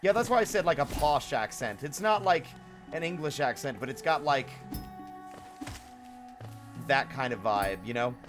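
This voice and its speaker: A man's voice: medium pitch, animated, moderate pace, pauses often. A man streaming a video game live, commenting in a chatty, rambling way with lots of fillers. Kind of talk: casual live gameplay commentary. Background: faint game music.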